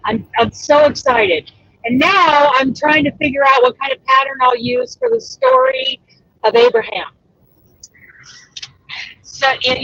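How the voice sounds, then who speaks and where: A woman hosting a casual livestream chat as a crochet pattern designer, chatty and excitable. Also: sits high, vocal fry, dry recording, highs cut off. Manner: chatty and excitable, exclaims often.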